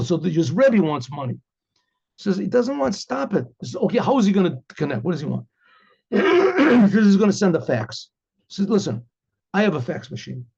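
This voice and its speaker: A man with a rather high yet mellow voice spins a first-person story, playing out each line of dialogue with lots of "he says". the recording is dull and lo-fi, and he clears his throat now and then. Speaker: rabbi telling a story. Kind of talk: spoken storytelling.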